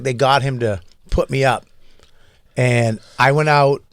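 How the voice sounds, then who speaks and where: A man's voice: medium pitch, steady tone, a little slow, dry recording, studio quality. A man who works as a comedian, telling road stories on a casual talk show and acting out other people's lines as he goes. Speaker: comedian co-host. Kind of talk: casual storytelling chat.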